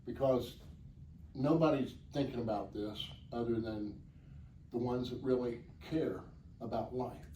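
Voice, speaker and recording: A man's voice: mid-range voice, steady tone, unhurried, dark tone, distant mic. A man answering interview questions as the organizer of a charity motorcycle ride, plainspoken, earnest and rambling. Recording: echoey, off-mic, faint background noise.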